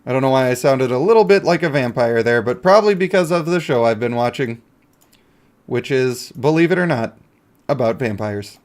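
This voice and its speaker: A man's voice: medium pitch, animated, normal speed, darkish tone. A male game streamer in casual live-stream commentary, chatty and joking as he talks to himself and his chat.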